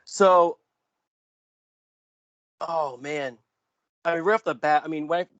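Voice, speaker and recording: A man's voice: a little high, slow, dry recording, highs cut off. A man in his thirties co-hosting a casual podcast, eager and restless, tumbling through his words with fillers. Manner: excitable, restless, lots of fillers. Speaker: podcast co-host. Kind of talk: casual chat.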